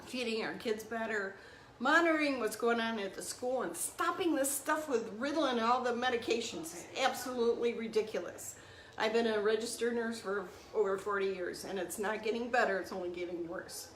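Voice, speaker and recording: A woman's voice: a little high, brisk, a bit bright. A woman in her sixties, a registered nurse, speaking earnestly and emotionally to camera, rising into indignant outbursts. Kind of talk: impassioned monologue to camera. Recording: echoey room with faint background hum.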